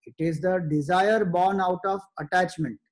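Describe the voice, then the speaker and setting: Man, high voice, spiritual teacher, measured explanatory phrasing with pauses. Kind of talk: spiritual discourse.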